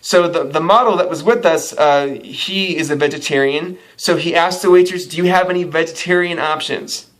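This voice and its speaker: Man, vlogger storyteller, slightly high voice, chatty, laughs at his own anecdotes. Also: moderate pace, few pauses, fairly bright tone. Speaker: actor and model vlogger. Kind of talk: casual storytelling vlog.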